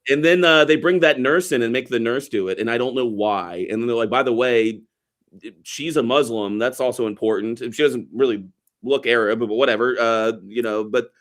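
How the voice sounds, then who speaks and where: A man's voice: medium pitch, brisk, a bit bright. A man co-hosting a casual movie podcast, rambling and wry, swearing casually as he picks apart scenes. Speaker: podcast co-host. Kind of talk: casual movie review chat.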